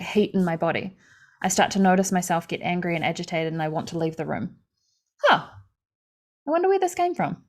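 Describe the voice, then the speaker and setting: A woman life coach leads a live online session in a voice on the low side, earnest and conversational. She acts out inner thoughts, sprinkling in fillers and soft laughs.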